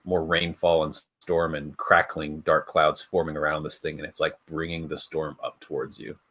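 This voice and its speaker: Very deep-voiced man running a game. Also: sharp tone. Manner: halting, many fillers and restarts. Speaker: game master. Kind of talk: narrating a tabletop game.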